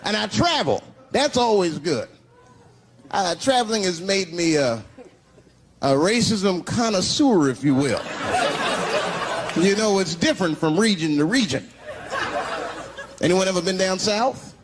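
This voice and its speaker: A man's voice: high voice, lively intonation, unhurried, pauses often. A man doing a stand-up routine, talking loosely and conversationally and throwing questions to the audience. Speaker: stand-up comedian. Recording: loud crowd and heavy noise.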